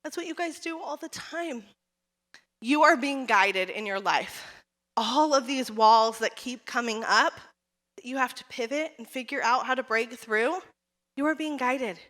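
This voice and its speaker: Animated high bright woman, keynote in a hall. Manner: animated storytelling, audience call-outs. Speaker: keynote speaker and salon owner. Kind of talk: motivational keynote speech. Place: conference hall. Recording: reverberant hall.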